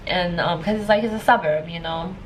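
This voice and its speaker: A woman's voice: on the low side, fairly quick, slight background noise, rough recording. A woman in her thirties, a life coach, telling a personal story in a casual vlog, emotional and rambling with many fillers. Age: 30s. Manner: emotional, tearful at times.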